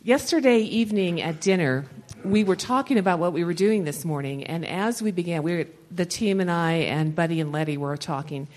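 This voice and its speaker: A woman's voice: fairly low pitch, fairly quick, a little mellow, low-quality recording. A woman leading a Christian conference session, talking in a rambling, conversational way and laughing often between thoughts. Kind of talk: conversational teaching talk to a live audience.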